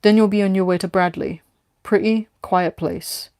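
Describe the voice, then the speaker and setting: A woman's voice: medium pitch, steady tone, normal speed, a little mellow, smooth, no room sound, close to an everyday voice. A woman voicing a brash, taunting female hired tough from London in a read-aloud story. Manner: taunting, blunt.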